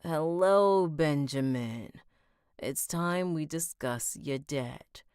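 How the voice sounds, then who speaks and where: A woman's voice: sits low, slow, a little mellow, smooth, dry recording, studio quality. A woman voicing a fat, cold male loan shark boss who pronounces every syllable, in an audiobook reading. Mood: cold menacing.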